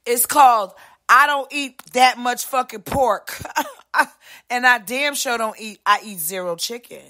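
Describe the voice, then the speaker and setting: Brash, foul-mouthed woman with a bright voice. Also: fairly high pitch, measured pace. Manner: profane, brash, swings loud and soft, voices other people mid-rant. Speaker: podcast host. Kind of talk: unscripted monologue rant.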